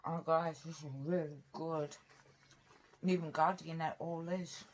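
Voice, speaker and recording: Rambling woman with a low voice. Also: little pitch movement, unhurried. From Britain. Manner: rambling, chatty, earnest; eating while talking. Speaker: mukbang vlogger. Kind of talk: casual eating chat.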